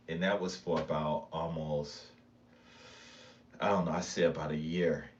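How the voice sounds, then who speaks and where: Middle-aged American man, deep voice, loose rambling storyteller; lo-fi home-video sound. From Michigan, USA. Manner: rambling, with many fillers and laughs. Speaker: vlogger. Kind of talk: casual storytelling monologue. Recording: slightly dull lo-fi sound, faint background noise.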